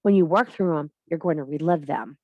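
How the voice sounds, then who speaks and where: Woman, lower register, spiritual teacher type, blunt and preachy. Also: brisk, no room sound, phone-quality sound. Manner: blunt, emphatic, swears freely; preachy, addresses viewer directly. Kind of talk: spiritual monologue to camera.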